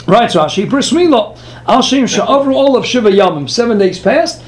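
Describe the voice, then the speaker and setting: High-voiced man giving a Talmud lecture. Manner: animated, rhetorical questions, quick asides. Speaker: Torah teacher.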